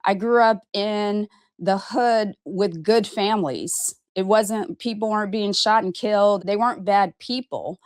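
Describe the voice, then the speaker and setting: In an unhurried, medium-pitched voice, a fifty-something woman from Arizona talks candidly to camera about her life. She works as a vlogger and podcast host, and her emphatic, frank monologue is sprinkled with casual swearing and repeated "okay?"s. The audio is studio quality with no echo.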